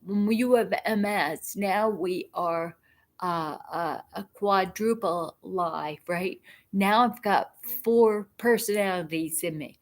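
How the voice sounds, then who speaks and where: Woman host, unhurried and rambling, easy casual talk with many restarts. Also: medium pitch. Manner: rambling, repeats and restarts words, laughs often. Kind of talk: casual live-stream talk.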